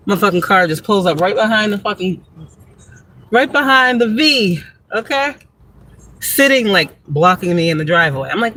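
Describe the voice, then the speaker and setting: A woman talks into her camera from a parked car, her voice bright and forceful. She rambles through stories in a profane, animated way, laughing often. A faint hiss of background noise sits under the recording. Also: sits low. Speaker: spiritual reader and vlogger. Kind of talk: casual rambling monologue.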